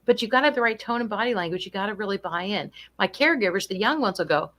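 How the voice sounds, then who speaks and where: A woman's voice: mid-range voice, animated, fast talker, fairly bright tone. Earnest older woman explaining patiently. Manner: earnest, explanatory, acts out quoted voices. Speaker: guest, registered nurse and dementia specialist. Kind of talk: casual conversation.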